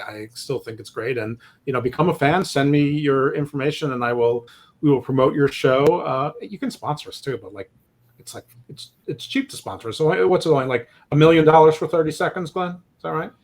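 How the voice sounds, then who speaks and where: A man's voice: mid-range voice, a little fast. Man, sports podcast co-host, rambling and self-deprecating, stammers, mid-range voice. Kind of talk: casual sports podcast chat.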